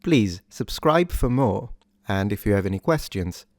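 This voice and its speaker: A man hosting a pronunciation lesson, speaking clearly and deliberately, and slowing down to model each word. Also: on the low side, lively intonation, a little mellow, dry recording, studio quality. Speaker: pronunciation teacher.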